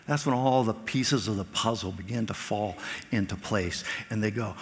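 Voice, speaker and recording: A man preaching a sermon as pastor, animated, raising his voice when he acts out quoted lines. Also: on the low side, normal speed, big-room sound.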